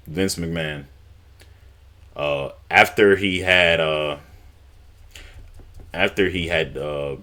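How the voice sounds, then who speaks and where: Low-voiced man, casual rambling wrestling recap, fillers and swearing. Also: sharp tone. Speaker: wrestling YouTuber.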